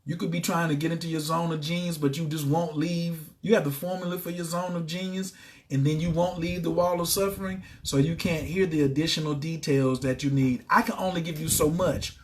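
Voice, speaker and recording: High-voiced preachy man. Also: fairly quick. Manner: preachy, repetitive, bursts into excited shouting. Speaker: self-help coach. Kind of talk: motivational livestream talk.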